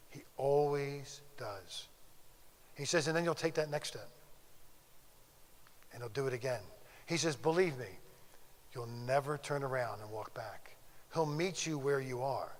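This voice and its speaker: A man's voice: medium pitch, unhurried, pauses often. An older man giving a conversational faith testimony at a conference, telling stories and acting out the dialogue. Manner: storytelling, conversational, acts out quoted dialogue. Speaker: conference speaker. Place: conference hall. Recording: long hall reverb.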